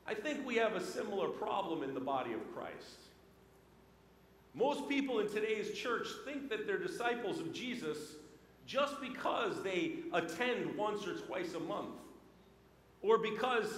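A male pastor with a notably high voice delivers a storytelling sermon. His voice swings between loud bursts and hushed passages. The sound is roomy, with a long reverb tail from the church hall. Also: a little hiss or hum. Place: church sanctuary.

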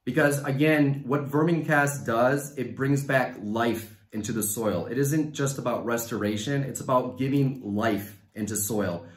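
A man's voice: medium pitch, a little slow, hardly any pauses. Enthusiastic Mexican-accented man, echoey stage. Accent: Mexican Spanish. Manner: enthusiastic, upbeat. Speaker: science communication finalist. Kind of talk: science talk and audience Q&A.

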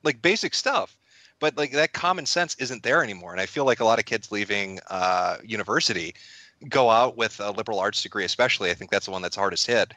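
Quick-talking bright-voiced man. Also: fairly low pitch, dry recording. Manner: animated, quick and wry, acting out quotes. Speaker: guest. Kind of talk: casual podcast interview.

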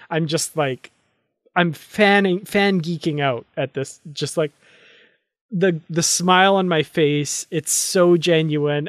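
A man co-hosting a podcast, recalling a fan memory in casual chat, warm and admiring with restarts. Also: a little high, no room sound. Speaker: podcast co-host.

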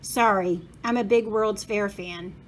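A woman's voice: mid-range voice, fairly even intonation, a little slow, slight background noise, lightly acted. A woman voicing an eager bookish girl. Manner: eager, fact-spouting. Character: bookish know-it-all girl, about twelve.

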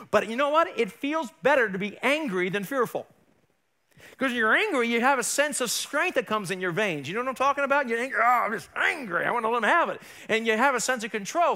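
A male pastor preaching a sermon in a church, emphatic and building to forceful peaks. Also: very high-pitched. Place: church sanctuary.

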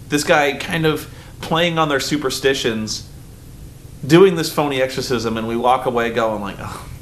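Groggy guy rambling about a movie, lots of "like", jumps way up when quoting people, faint hum in the background. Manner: excitable, rambling, many "like" fillers, big pitch jumps when quoting. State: groggy, just woken. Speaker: vlogger. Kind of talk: rambling movie review vlog.

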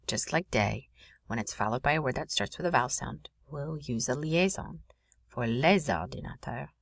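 A woman teaching a French grammar lesson in a clear, explanatory voice. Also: low-pitched, fairly bright tone, no echo, clean studio sound. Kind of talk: recorded classroom lesson.

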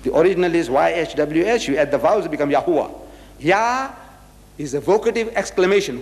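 A man from Africa, giving a religious public lecture in an emphatic, rhetorical way that drives each point home with repeated questions. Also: on the high side. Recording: reverberant lecture hall recording.

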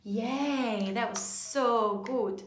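A woman teaching a virtual preschool lesson in a slow, playful, singsong way with little sound effects. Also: on the high side, echoey room, slight background noise.

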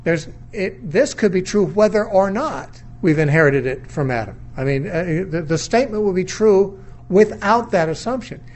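Man, middle-aged, Bible teacher, sermon lecture, fairly high voice, thoughtful, questioning, reasoning aloud. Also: expressive, moderate pace, darkish tone. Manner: questioning, weighing views, undogmatic.

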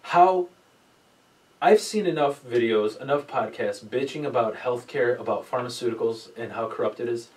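A man's voice: medium pitch, moderate pace, far from the mic, poor audio. Man, podcast host, casual chat, rambling storyteller, heavy swearing, sits back from the mic. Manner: rambling storyteller, swears a lot, animated quoting.

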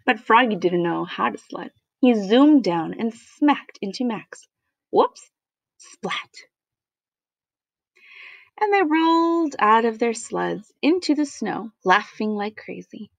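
Playful woman reading a kids' picture book aloud, animated, slightly high voice. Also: a little slow, creaky, hardly any pauses, dry recording. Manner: animated, playful, with sound effects. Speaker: storybook reader.

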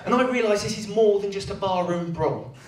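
A man's voice: high-pitched, a little fast. A young adult man doing stand-up, telling self-deprecating stories and acting out the characters. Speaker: stand-up comedian. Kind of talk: stand-up comedy routine. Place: comedy venue. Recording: echoey venue, heard from far off, crowd laughing.

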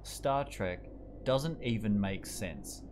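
A man's voice: fairly low pitch, expressive, takes it slowly, background noise. A young man streaming a game, casually joking and teasing his live chat, laughing often.

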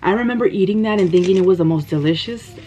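A woman, telling a story in an animated, breathless way while eating on camera. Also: medium pitch, fast talker. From United States. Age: 30s. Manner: animated, gasping, breathless retelling. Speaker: mukbang vlogger. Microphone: camera microphone. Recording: slightly dull lo-fi sound.

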